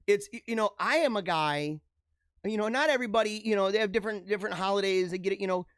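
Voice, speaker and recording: A man's voice: sits high, fast talker, a bit bright, dry recording, studio quality. A middle-aged man hosting a show, giving rambling, joking commentary on the news and laughing often. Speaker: show host.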